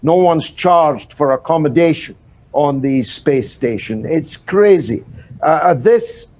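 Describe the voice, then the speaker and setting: A man's voice: a little high, lively intonation, a little mellow. Wry older man, many "uh"s. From Britain. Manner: rhetorical, wry, fills pauses with "uh". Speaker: political commentator guest. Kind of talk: live news interview.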